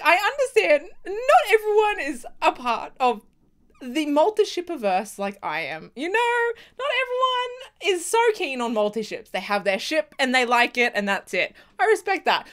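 A woman giving casual reaction commentary, excitable and swearing freely, with frequent laughter. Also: high voice, normal speed. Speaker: video reactor.

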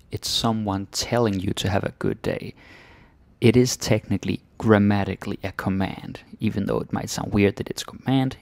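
A low, gravelly male voice with a Danish accent, explaining grammar in a chatty way. He often adds question tags and drops to a whisper for short asides. The sound is dry and close. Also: a little mellow, dry recording. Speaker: Danish language teacher.

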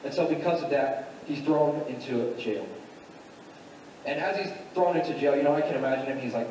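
Heard from a distance in an echoey church sanctuary, a man with a slightly high, darkish voice preaches at a moderate pace, with a faint hiss or hum on the recording. He retells a story casually, filling it with "like" and "you know."

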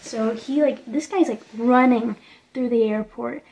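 This young woman's slightly high, darkish voice moves at a measured pace, and the recording has its highs cut off plus a little hiss or hum. She's chatting casually on a vlog from a small indoor quarantine room, recounting a story and leaning heavily on "like."

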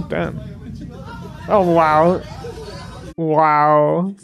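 Guy doing a meme reaction vid, lively up-and-down voice, short blurts and lots of laughing. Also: sits high. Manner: short exclamations and frequent laughter. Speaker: YouTube reaction host. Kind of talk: casual reaction commentary.

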